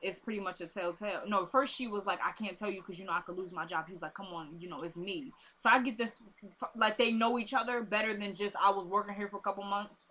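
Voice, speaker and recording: A woman's voice: medium pitch, quick pace, pushed and bright. Chatty young woman recapping a TV episode. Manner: chatty, retells scenes with quoted dialogue and asides.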